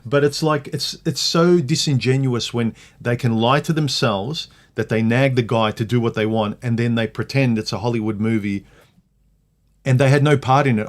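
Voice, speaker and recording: A man's voice: medium pitch, moderate pace. A middle-aged man hosting a casual livestream chat, opinionated and ranting, with many "like"s. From Australia. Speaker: livestream host.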